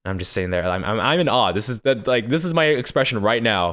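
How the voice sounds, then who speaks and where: An excitable man doing game playthrough commentary. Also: on the low side, quick pace. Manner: excitable, joking reactions. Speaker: gaming channel host.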